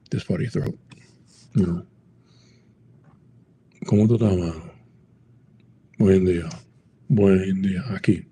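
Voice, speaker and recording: This man from the United States has a low, mellow voice, and the recording carries a little hiss or hum. Chatting to the camera, he teaches travel Spanish phrases while rambling with plenty of "like" and "you know."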